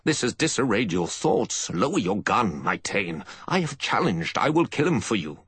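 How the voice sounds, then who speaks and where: A man's voice: lowish voice, sing-song, moderate pace, a bit bright, husky, no echo, voice pushed up, heavily acted. A man playing a grave, pleading sworn warrior. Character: loyal, grave male warrior sworn to his lord. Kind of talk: audiobook character voice.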